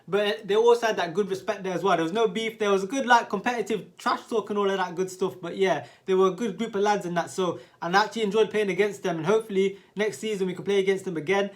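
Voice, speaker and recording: A man's voice: high-pitched, fast, few pauses. A young man giving a slangy, casual voice-over commentary on a football match. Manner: excitable, slangy, keeps saying bro and like. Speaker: youtuber commentating his own team's match.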